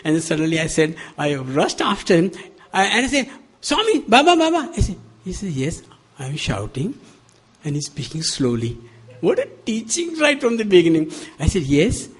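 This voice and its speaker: Animated older Indian man telling stories. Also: a little high, normal speed, husky. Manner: animated storyteller, laughs often, acts out quoted dialogue. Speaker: guest speaker. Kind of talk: spiritual talk with storytelling. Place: devotional center hall.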